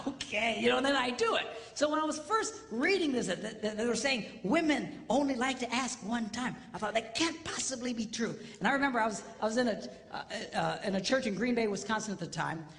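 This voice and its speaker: A man's voice: very high-pitched, fairly quick, vocal fry, hardly any pauses. A middle-aged man, a pastor, giving a comedic marriage seminar to an audience, telling stories and teasing the listeners. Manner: animated storytelling, teasing the audience. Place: large hall before an audience. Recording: reverberant hall.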